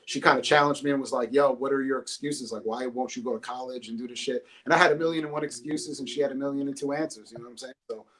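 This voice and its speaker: A man's voice: medium pitch, fairly even intonation, quick pace, few pauses, a bit bright. Profane, easygoing man telling stories. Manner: loose, profane storytelling. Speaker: podcast guest, rapper and English teacher. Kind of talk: casual podcast chat. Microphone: phone.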